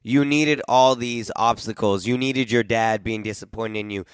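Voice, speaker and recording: Smooth-voiced podcast host, dry sound. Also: male voice, on the low side, moderate pace, no room sound. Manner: encouraging, sums up the guest's story and praises him. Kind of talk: casual interview chat.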